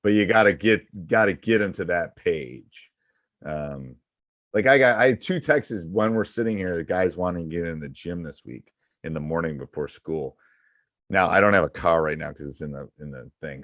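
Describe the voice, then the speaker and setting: Low-voiced emphatic coaching host. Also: male voice, moderate pace, a bit bright, dry recording, clean studio sound. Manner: emphatic and repetitive, hammering points home. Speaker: basketball coach and podcast host. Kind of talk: casual coaching advice chat.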